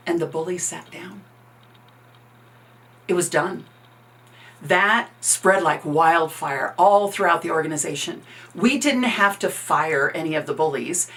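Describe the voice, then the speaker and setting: A woman workplace coach telling a story, with dramatic pauses and shifting loudness. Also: mid-range voice. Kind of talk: storytelling talk.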